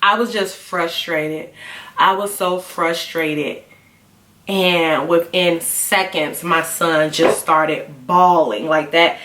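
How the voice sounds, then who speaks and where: Candid young mom, roomy distant sound. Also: female voice, on the low side, fairly even intonation, takes it slowly, fairly bright tone. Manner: candid, confessional, conversational. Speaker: mom vlogger. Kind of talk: personal storytelling vlog. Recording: roomy, a bit far from the mic.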